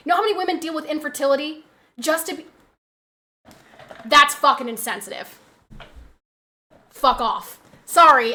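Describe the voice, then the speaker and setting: Young woman streamer going off, bright sharp voice, big swoopy pitch, cussing a lot. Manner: heated, profane ranting. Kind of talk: casual chat on a live stream.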